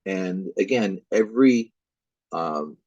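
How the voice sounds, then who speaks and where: A man's voice: low voice, animated, slow pace, darkish tone, husky, no echo, lo-fi sound. A man teaching a recorded music lecture, speaking hesitantly with frequent fillers. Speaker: music instructor.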